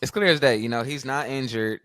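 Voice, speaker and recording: A man co-hosting a podcast in a relaxed, slangy, offhand casual chat. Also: mid-range voice, brisk, dry recording, studio quality. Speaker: podcast co-host.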